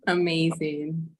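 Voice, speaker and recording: A woman's voice: fairly low pitch, husky. Upbeat female moderator from the Dominican Republic, friendly questions. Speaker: conference moderator. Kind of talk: casual interview questions.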